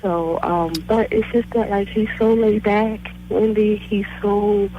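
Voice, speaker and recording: A woman's voice: mid-range voice, little pitch movement, measured pace. A woman in her thirties calling into a radio show, rambling and hesitant, circling back with fillers. Her cell phone line sounds dull and muffled, with a light hiss behind it. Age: 30s. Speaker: caller.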